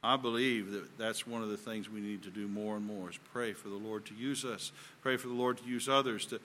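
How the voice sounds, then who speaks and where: A man's voice: lowish voice, fairly even intonation, a little fast, fairly bright tone, slight background noise. A man with a Southern US accent preaching a sermon in an earnest, folksy way that builds in emphasis.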